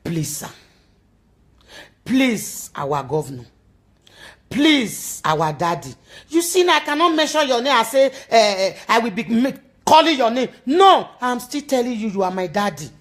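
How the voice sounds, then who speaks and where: A woman's voice: a little high, sing-song, a little slow. A woman with a Nigerian accent making an emotional, pleading appeal, repeating her entreaties and now and then slipping into a sung chant.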